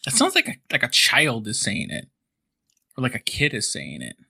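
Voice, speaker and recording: A man co-hosting a casual podcast, animated and quick to laugh at himself. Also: mid-range voice, gravelly, husky. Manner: animated, laughs often, self-mocking. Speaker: podcast co-host. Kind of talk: casual chat.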